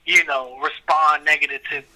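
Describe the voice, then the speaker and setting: A man's voice: fairly high pitch, fairly even intonation, moderate pace, bright, forceful tone, poor audio. A man calling in to a talk show, casually asking questions and cursing as he talks. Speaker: caller.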